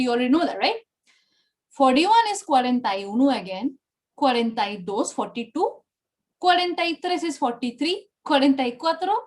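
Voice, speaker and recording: A woman's voice: sits high, a little mellow. A woman with an Indian English accent teaching an online Spanish class, repeating numbers and praising students often.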